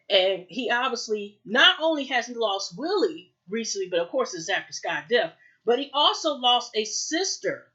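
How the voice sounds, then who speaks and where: A woman talks through a TV episode in a loose, rambling recap, piling on fillers and jumping into the characters' dialogue. Her voice sits a little high. The sound is muffled and lo-fi, like a home recording. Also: fairly bright tone. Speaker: TV recap reviewer.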